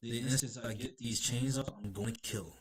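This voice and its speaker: A man voicing a sly, taunting male giant in chains, sometimes dropping to a low whisper. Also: steady tone, a little fast, crowd noise, natural voice. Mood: mocking.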